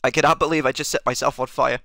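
A man's voice: medium pitch, steady tone, fast talker, vocal fry, sharp tone, no echo, clean studio sound. A young man streaming a game in character, talking in a manic, rambling, self-mocking way. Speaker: gaming streamer. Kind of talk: in-character let's play commentary.

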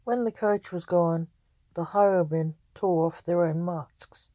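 A woman reading her own story aloud in measured storybook narration. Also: lowish voice, warm tone, no echo.

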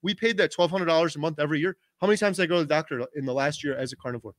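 Chatty man, higher voice, dry close mic. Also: rapid-fire, no echo. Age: 40s. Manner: animated storytelling, talks over his wife. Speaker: host. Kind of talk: casual livestream chat.

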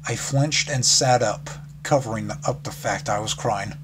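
A man's voice: medium pitch, measured pace. A man reads a fan fiction story aloud in a casual way, with small slips and restarts. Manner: casual reading with slips and laughs. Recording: background noise.

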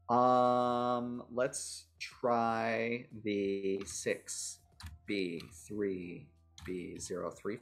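On a livestream, a man shows off a character builder, chatting casually and thinking aloud with jokey self-mockery. His voice sits on the low side and sounds a bit bright.

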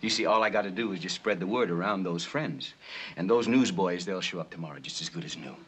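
An actor playing a streetwise big-city gangster boss, wheedling and bargaining in slang in a 1960s film. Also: male voice, low voice, fast, fairly bright tone, husky. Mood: pleading.

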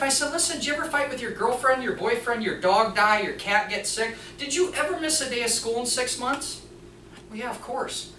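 A mechanics teacher giving an animated storytelling talk to an audience, acting out the other people in the story. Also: mid-range voice, a little hiss or hum. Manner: animated, acts out the dialogue of others. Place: presentation room before an audience. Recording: echoey room, voice from a distance.

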